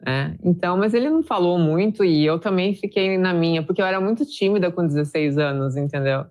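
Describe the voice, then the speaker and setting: A woman recounting a personal experience in an interview, soft-spoken and hesitant, seated indoors. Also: lowish voice. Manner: soft-spoken, hesitant, with many pauses and fillers.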